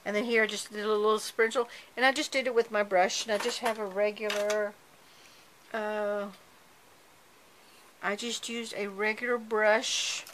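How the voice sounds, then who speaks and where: A woman's voice: medium pitch, little pitch movement, normal speed, fairly bright tone, a little hiss or hum, poor audio. A woman hosting a card-making tutorial, chatting casually and correcting herself as she works with her hands. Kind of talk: casual craft tutorial narration.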